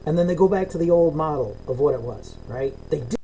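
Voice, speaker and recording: Ranting podcast man with a dark voice. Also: on the high side, expressive, quick pace, slight background noise, poor audio. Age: middle-aged. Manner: ranting, swears a lot, acts out both sides of calls. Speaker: podcast co-host. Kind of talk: casual profane chat. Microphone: video call.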